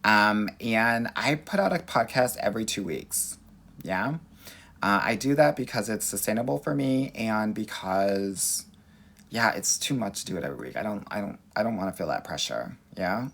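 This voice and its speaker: A sassy, animated man from Los Angeles with a Valley accent, a dating coach answering viewer questions on a livestream. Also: lowish voice, moderate pace, vocal fry.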